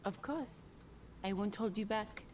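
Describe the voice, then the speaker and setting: An actress playing a composed, polite gardener in a video game. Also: female voice, medium pitch, a little slow, noisy background, lightly acted. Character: composed, guarded female gardener.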